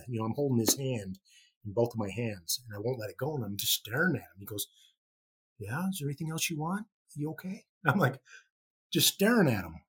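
A man from Chicago, a rock musician guest, telling an animated story full of casual swearing and restarts. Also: medium pitch, breathy edge. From Chicago, USA. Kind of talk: anecdotal storytelling.

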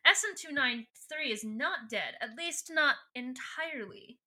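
A woman voicing a scheming, grandiose male alien warlord with theatrical, drawn-out proclamations. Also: sits high, animated, pushed and bright, full character voice. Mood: menacing.

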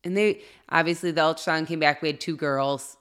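Animated woman telling a faith story. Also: sits low, brisk, clear, resonant tone. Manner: animated, acts out quoted reactions. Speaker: podcast co-host. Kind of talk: casual storytelling.

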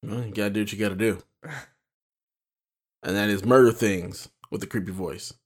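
Podcast host, male, lowish voice, dry jokes, casual banter. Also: steady tone, moderate pace, slightly rough. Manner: dry, joking, laughs often. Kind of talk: casual chat.

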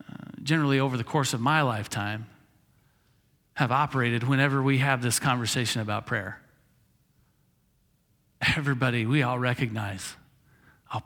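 In a church sanctuary, a male pastor tells a story during his sermon, casually chuckling and acting out the lines of the people in it. His medium-pitched voice sounds pushed and bright, echoing through the reverberant hall.

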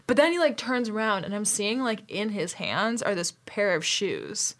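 A woman's voice: mid-range voice, sing-song, normal speed. A woman in a casual comedic chat, telling a long story that rambles and is full of filler words.

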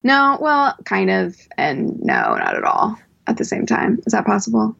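This is a woman chatting as a podcast guest, telling her stories with quick, rambling asides. Her voice has a strong gravelly fry and a husky edge. The recording sounds dull and lo-fi. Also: medium pitch, huge pitch swings, a bit bright. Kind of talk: casual chat.

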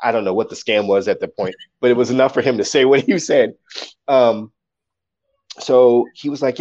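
A man, a poet, telling stories casually in an interview, animated and acting out quotes. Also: mid-range voice, normal speed, muffled recording.

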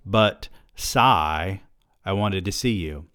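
A man voicing a wary, teasing young woman who answers with sharp, skeptical retorts. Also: fairly low pitch, expressive, moderate pace, no echo, studio quality, natural voice.

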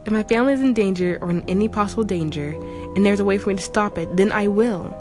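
A woman plays a protective male house cat, edgy and questioning, stubbornly pressing for answers in a storybook reading. The voice sits at a middle pitch, with faint music underneath. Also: fast, close to an everyday voice. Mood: determined.

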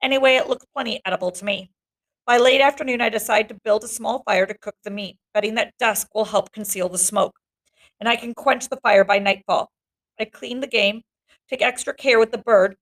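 A woman teacher reading a novel aloud to her students in the first person, breaking off for chatty asides. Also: fairly high pitch. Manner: chatty asides between passages.

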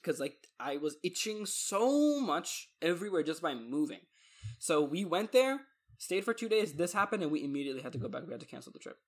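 A young man from Texas in casual chat, an animated storyteller with many fillers and a husky voice. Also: a little high, fairly quick.

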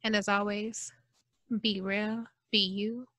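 Woman w/ doing a solo podcast, chatty and animated, bright voice, dry close sound. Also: mid-range voice, slow pace, no room sound. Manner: chatty and expressive, mock-preaching asides. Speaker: podcast host. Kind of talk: casual solo podcast monologue.

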